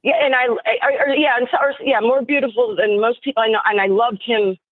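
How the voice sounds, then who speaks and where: A woman's voice: a little high, steady tone, fast talker, no echo. Woman calling in, rambly and chatty, lots of um and like, thin phone-line sound. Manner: rambling, full of fillers and restarts. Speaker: caller on a live show. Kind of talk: casual speculative chat.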